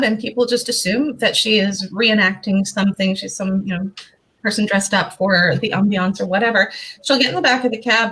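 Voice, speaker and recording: A woman hosting a talk show, telling a haunted history story with lively, playful asides. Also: medium pitch, rough recording. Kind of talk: hosting a history and mystery segment.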